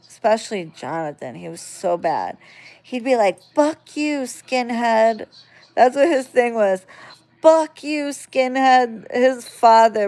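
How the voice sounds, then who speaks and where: A woman casually telling a story on a phone vlog, swearing freely and getting animated as she retells it. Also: fairly low pitch, vocal fry, clear, resonant tone. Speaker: vlogger.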